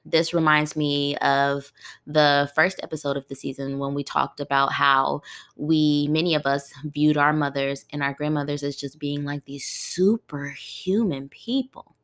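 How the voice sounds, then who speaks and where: Low-voiced woman podcast host. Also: steady tone, unhurried, fairly bright tone. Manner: conversational, asks listeners rhetorical questions. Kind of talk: casual solo podcast talk.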